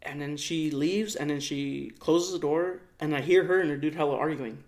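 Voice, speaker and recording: With a fairly high voice at normal speed, this young podcast co-host casually retells a story full of slang and profanity. He animates it by doing voices for the people in it.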